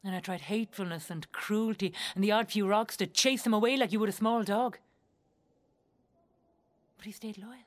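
Irish actress as a young wife, wry, blunt, earthy, foul-mouthed, theatrical monologue. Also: female voice, mid-range voice, moderate pace, long pauses, close to an everyday voice. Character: blunt, wry young Irish woman recalling her marriage.

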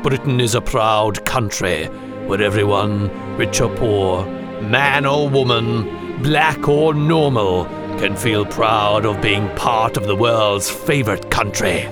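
A man voicing a jingoistic, pompous British announcer who speaks grandly and slowly. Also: on the low side, over music, voice pushed down. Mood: grandiose. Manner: grandiose, slow and stately.

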